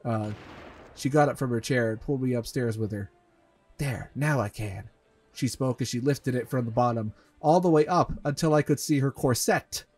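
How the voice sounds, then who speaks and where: A man's voice: medium pitch, fairly quick, darkish tone, soft background music. A man reading a fanfiction aloud as a comedic dramatic reading over gameplay, mocking it and deadpanning the punctuation marks. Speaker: let's play host reading a fanfic.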